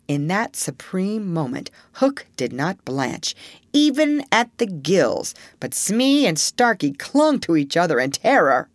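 A woman narrating a storybook in an expressive, measured reading. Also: sits low, dry recording.

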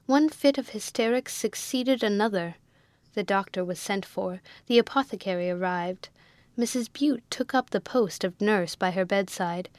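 A woman reads a classic novel aloud in a measured, even way. Her voice sits at an ordinary middle pitch, and the recording is dry and close. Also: no room sound. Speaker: audiobook narrator. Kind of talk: scripted narration of a classic novel.

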